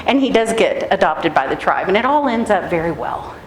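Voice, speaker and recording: A woman pastor giving a sermon in a conversational, animated storytelling way. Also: on the low side, fairly quick. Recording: echoey room, faint noise.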